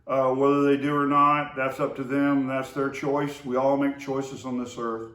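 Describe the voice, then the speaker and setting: A man tells loose, rambling stories with plenty of fillers and false starts. His voice sits at an ordinary middle pitch. It is recorded from a distance in an echoing room. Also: flat delivery, normal speed, a bit bright. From Oklahoma to Texas area. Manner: rambling, with many fillers and restarts. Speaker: storyteller remembering his brother. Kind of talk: casual spoken memories. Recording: roomy echo, voice far from the mic.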